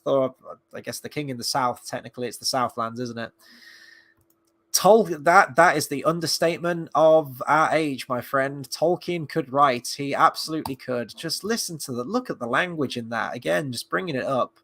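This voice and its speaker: A man's voice: mid-range voice, a little slow, a bit bright. A man giving a casual spoken review of a TV episode, rambling and sarcastic, with frequent fillers and restarts. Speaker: film and TV reviewer.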